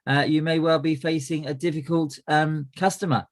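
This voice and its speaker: A man's voice: fairly high pitch, steady tone, moderate pace. Man hosting a coaching webinar. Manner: friendly, lots of "uh" fillers and restarts. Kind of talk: presenting a webinar.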